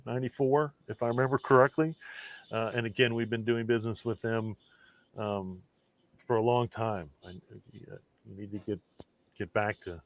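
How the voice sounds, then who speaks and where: A man's voice: on the low side, no echo. A man hosting a casual talk show, rambling along with lots of fillers and restarts. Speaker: host of a hemp talk show. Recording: tinny phone-like dry sound.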